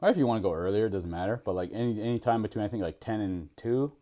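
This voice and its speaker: A man's voice: on the low side, rapid-fire, warm tone. A man hosting a podcast, chatting casually and rambling with frequent laughs. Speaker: podcast host. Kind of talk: casual chat.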